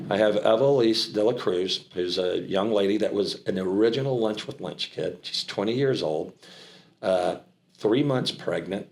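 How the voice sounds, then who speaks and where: Middle-aged American man with a slight Southern twang, rambling and animated, low voice, roomy echo. Casual interview guest. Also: gravelly. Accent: American, with a trace of Southern. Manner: rambling, animated storyteller with frequent restarts. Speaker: charity founder and auctioneer.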